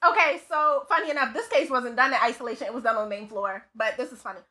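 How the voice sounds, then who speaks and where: A woman guest, an autopsy technician, telling work stories in casual podcast chat, animated and full of "like" fillers. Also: fairly high pitch, quick pace. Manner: animated, lots of "like" fillers, laughs often. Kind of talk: casual storytelling.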